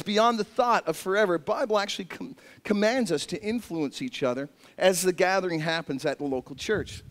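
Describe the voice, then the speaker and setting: Male pastor, sermon, high voice, long echo of a gym, animated storytelling, self-mocking humor.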